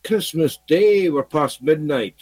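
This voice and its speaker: Rambling man, slightly high voice. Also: lively intonation, slow, a little mellow, no echo, poor audio. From Scotland. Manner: rambling, repetitive, with many fillers. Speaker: video blogger. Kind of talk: casual monologue to camera.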